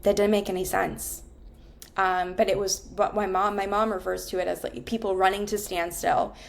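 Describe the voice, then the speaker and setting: A woman's voice: medium pitch, flat delivery, normal speed, gravelly. A woman in her thirties, a therapist, talking candidly and emotionally about her own life, swearing often. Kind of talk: reflective personal monologue.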